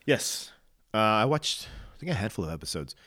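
A man's voice: lowish voice, very animated, normal speed, pushed and bright. A man co-hosting a podcast in casual chat, opinionated and hesitant, often restarting his sentences. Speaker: podcast co-host.

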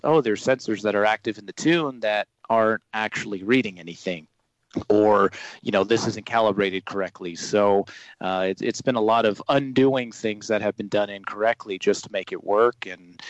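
A low-voiced man explains his car-building work in a halting way, restarting his sentences often. The sound is close and dry. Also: dry recording, poor audio. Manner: hesitant, full of restarts and fillers. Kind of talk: casual interview talk.

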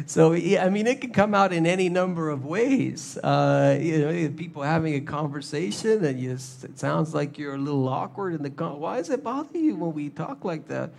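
A man preaching a sermon, animated, acting out little scenes in shifting voices. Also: on the high side, moderate pace, vocal fry, few pauses. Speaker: pastor.

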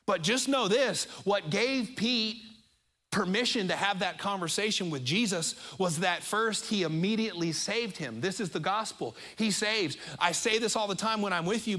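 A man's voice: sits high, pushed and bright. A male pastor preaching a sermon in a church, earnest and conversational, often repeating words as he restarts a thought. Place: church auditorium.

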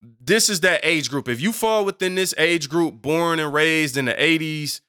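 Animated bright-voiced male preacher. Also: fairly high pitch, moderate pace, clear, resonant tone. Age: 30s. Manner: animated, conversational preaching with asides. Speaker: pastor. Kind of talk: sermon.

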